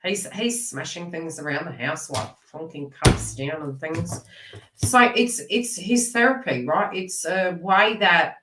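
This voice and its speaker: A woman with a lowish voice gives a live card reading in an earnest, rambling way, calling out to viewers by name. Her voice sits a little way off the mic. It echoes around the room. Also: unhurried, recorded from a distance, background noise. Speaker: psychic card reader.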